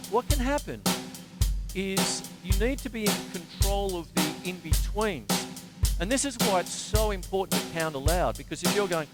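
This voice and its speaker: A man's voice: sits high, lively intonation, normal speed, loud music behind the voice. A man with an Australian accent, hosting a casual drum lesson, chatting with fillers and counting beats aloud in rhythm. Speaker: drum teacher and show host. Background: drum kit playing.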